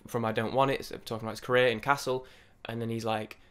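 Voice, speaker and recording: A young man giving rambling, excitable off-the-cuff first impressions of an album, with many restarts and some swearing. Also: medium pitch, quick pace, smooth. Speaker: music reviewer.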